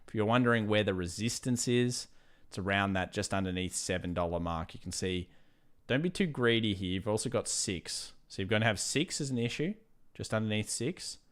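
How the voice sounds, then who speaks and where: A man's voice: fairly low pitch, expressive, brisk. Chatty man reading market charts. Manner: casual, chatty, drifts into fired-up rants. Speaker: trading livestream host. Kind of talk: live market chart commentary.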